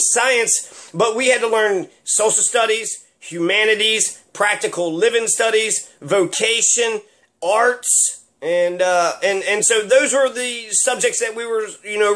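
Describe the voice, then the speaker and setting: A man's voice: high-pitched, a bit bright. A man giving rambling, sarcastic solo commentary with plenty of fillers. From Kentucky.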